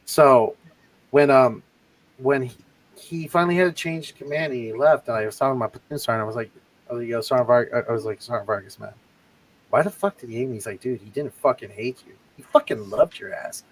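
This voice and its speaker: A man's voice: medium pitch, quick pace, poor audio. Profane man telling army stories. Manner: profane, animated anecdote-telling with quoted voices. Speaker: livestream co-host, army veteran. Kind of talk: casual storytelling chat.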